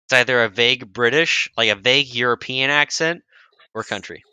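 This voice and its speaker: A man's voice: medium pitch, fairly quick, pushed and bright, clear, resonant tone, no echo. A man with a Southern US accent, running a tabletop game as game master in a rambling, casual way with frequent restarts.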